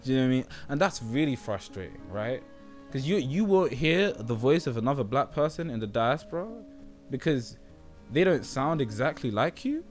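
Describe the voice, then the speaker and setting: A man's voice: medium pitch, sing-song, moderate pace, faint music behind. A young man with a British accent rambling in a casual monologue to his viewers, often checking whether he is understood. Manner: rambling, often asks "do you know what I mean". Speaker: YouTube creator.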